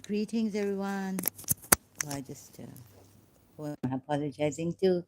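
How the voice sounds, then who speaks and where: A woman hosting her channel, talking in a rambling, halting way, often laughing at her own remarks into a USB desk mic. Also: on the low side, very noisy. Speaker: channel host. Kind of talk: rambling casual livestream talk.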